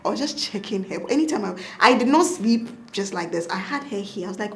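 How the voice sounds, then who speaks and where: Animated Ghanaian woman, doctor telling a story. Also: fairly high pitch, fast, a little hiss or hum. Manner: animated, laughing, acts out her own past words. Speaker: doctor and mother telling her birth story. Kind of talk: casual interview storytelling.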